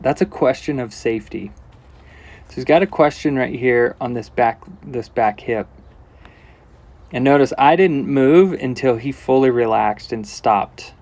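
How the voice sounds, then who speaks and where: A man in the middle of his natural pitch range talks a viewer through what he is doing, step by step. His manner is calm and relaxed, explaining as he goes and dropping in casual asides. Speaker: horse trainer. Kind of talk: instructional commentary while working.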